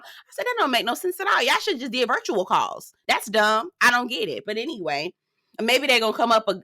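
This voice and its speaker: A woman's voice: no echo, studio quality. A woman recapping a reality show in casual commentary, sassy and chatty, calling the viewer "girl". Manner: animated, swinging up high for emphasis. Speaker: reality TV reviewer.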